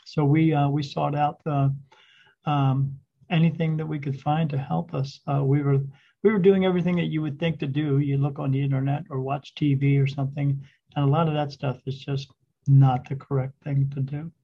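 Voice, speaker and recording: A man with a somewhat high, gravelly voice tells his story casually, drifting and restarting as he goes. The tone is husky, and the recording sounds dull and lo-fi. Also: little pitch movement. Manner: rambling, halting retelling with restarts. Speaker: spirit medium, podcast guest.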